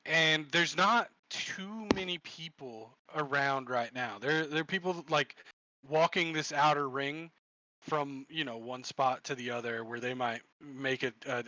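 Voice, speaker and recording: A man narrating as game master for a tabletop game, describing scenes haltingly with many fillers. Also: mid-range voice, steady tone, sharp tone, no room sound, rough recording.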